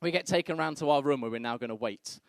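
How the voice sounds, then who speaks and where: A man's voice: mid-range voice, fast talker, gravelly, clear, resonant tone, no echo, clean studio sound. A young man telling crude stories on a comedy club stage, acting out the people in them. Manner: brash, crude storytelling, acts out other people's voices. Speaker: stand-up comedian. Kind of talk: stand-up comedy set.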